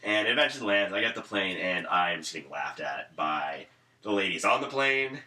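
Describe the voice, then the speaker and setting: A man's voice: deep voice, animated, normal speed, pushed and bright. A young man telling a rambling story in casual chat, swearing now and then. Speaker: podcast guest.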